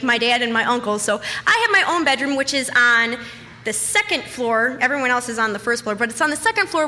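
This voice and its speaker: A young woman telling a personal story in a casual, animated way, swearing often and acting out panicked quotes. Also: a little high, big-room sound, a little hiss or hum.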